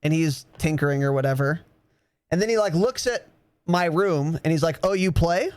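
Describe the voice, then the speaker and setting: Young male podcast host with an animated, laughing storytelling style, slightly high pitch, dry close sound. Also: normal speed, smooth, no room sound. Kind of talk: casual storytelling.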